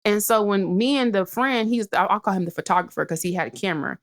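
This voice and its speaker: Young woman, podcast co-host, brash storyteller, casual chat, medium pitch. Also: animated, fast talker. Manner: brash, storytelling, acts out quotes.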